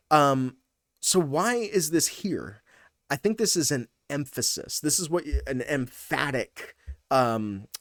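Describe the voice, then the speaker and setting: A man's voice: medium pitch, no room sound, clean studio sound. A man, a pastor, teaching a Bible passage in a casual video, thinking aloud with fillers and restarts.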